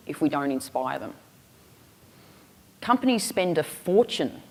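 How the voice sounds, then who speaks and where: A woman speaks from the stage in a low, grounded voice. Her delivery is punchy and humorous, leaning on emphatic rhetorical questions. The sound carries a long reverb from a large hall. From Australia. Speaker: keynote speaker. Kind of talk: storytelling keynote speech.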